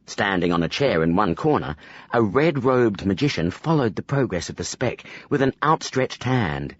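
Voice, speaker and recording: Fantasy audiobook narrator: low, husky male voice, very animated delivery, dry and dull sound. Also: moderate pace, no room sound.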